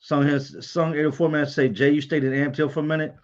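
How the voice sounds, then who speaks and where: A man's voice: fairly high pitch, level tone, fairly quick, lo-fi sound. Candid man telling stories on a livestream. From Virginia, US. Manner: candid, storytelling, reads out viewer comments. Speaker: livestream host answering viewer chat. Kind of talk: casual livestream chat.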